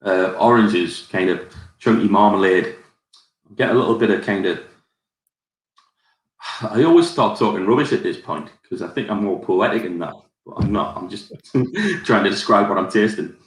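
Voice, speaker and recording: A man's voice: fairly low pitch, animated, normal speed. A man with a Geordie accent hosting a live whisky tasting, rambling through his tasting notes with plenty of fillers. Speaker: whisky society ambassador. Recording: roomy echo.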